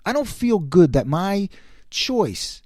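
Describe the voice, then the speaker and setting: Casting note: middle-aged male podcast host, sarcastic, lively swinging pitch, mellow tone, dry close sound. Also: slow pace, dry recording. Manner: animated, sarcastic, quotes others in put-on voices. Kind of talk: opinionated political commentary monologue.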